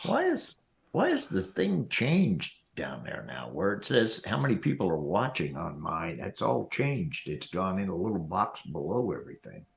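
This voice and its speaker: A man with a low, gravelly voice banters on a casual livestream. His pitch swings wildly from low rumbles to high yelps. He rambles and laughs as he talks. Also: huge pitch swings, moderate pace. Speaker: co-host.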